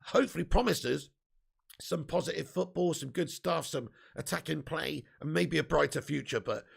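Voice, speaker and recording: High gravelly bloke doing a live fan stream, sweary and excitable. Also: male voice, normal speed. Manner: excitable, swearing, banter with viewers. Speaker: football fan channel host. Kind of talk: live-stream chat reading super chats.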